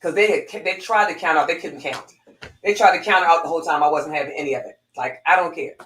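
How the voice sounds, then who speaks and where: A woman's voice: low voice, fast, fairly bright tone, roomy sound, a little hiss or hum, poor audio. A woman, a former police corporal, telling a heartfelt personal story with lots of restarts and repeats.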